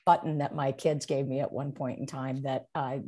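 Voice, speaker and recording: Woman, low voice, professor, casual scripture discussion, thoughtful, restarts often, video call. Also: little pitch movement, normal speed, dark tone. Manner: reflective, searching for words with frequent restarts. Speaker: seminary professor, podcast co-host.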